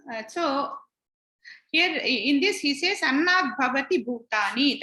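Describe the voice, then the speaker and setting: High, bright woman teaching scripture. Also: roomy sound. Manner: patient, repeats points and retells stories. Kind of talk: explanatory class lecture.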